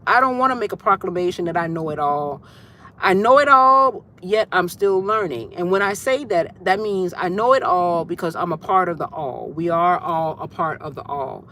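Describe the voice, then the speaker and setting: A woman's voice: deep voice, a bit bright, slight background noise. A woman hosting a casual spiritual livestream, talking loosely and greeting her viewers by name as she goes. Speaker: livestream host.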